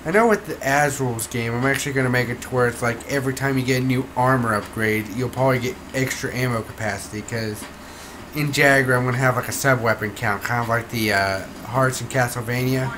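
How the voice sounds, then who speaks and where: A man's voice: mid-range voice, fairly quick. A man casually commenting while playing a video game, chatting through each move. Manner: chatty, talks through gameplay. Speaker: gamer host. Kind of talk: casual let's-play commentary. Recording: noticeable background noise.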